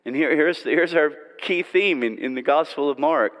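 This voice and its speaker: A man preaching a sermon and telling a story in an animated way, often repeating phrases. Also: on the high side, moderate pace, big-room sound.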